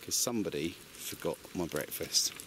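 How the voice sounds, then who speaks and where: A man talks casually to his camera at a night-time woodland campsite, upbeat and self-mocking. His voice sits low. Heavy rain and crackling noise fill the background. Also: expressive, moderate pace. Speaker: vlogger. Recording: loud rain and crackling outdoors.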